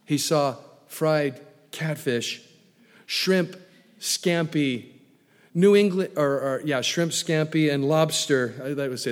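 Booming preacher in a reverberant hall. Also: male voice, slow pace. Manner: preaching with wide swings in loudness, booming then dropping low. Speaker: pastor. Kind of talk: sermon. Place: church sanctuary. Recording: long reverb of a large hall.

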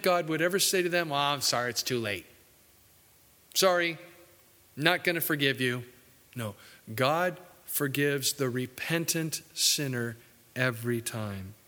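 A man preaching a sermon earnestly, his voice rising for emphasis and dropping low for asides. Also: pushed and bright. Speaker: pastor. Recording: hall reverb.

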